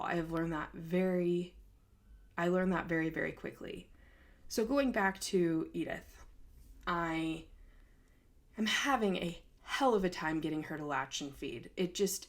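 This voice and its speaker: A young woman hosting a podcast, telling a personal story in a candid, emotional way, with many fillers. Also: on the low side. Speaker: podcast host.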